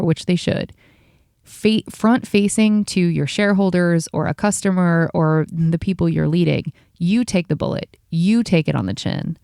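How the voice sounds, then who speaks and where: A woman hosting a podcast, venting in a heated, profane, rapid-fire rant, tired after a long work day. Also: fairly low pitch, mellow, clear, resonant tone, no echo, studio quality. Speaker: podcast host.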